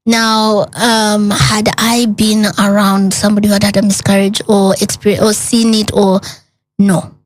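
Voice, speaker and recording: A woman's voice: medium pitch, measured pace. Woman telling a painful story. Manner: animated retelling with quoted dialogue, earnest. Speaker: guest. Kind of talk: personal storytelling in an interview.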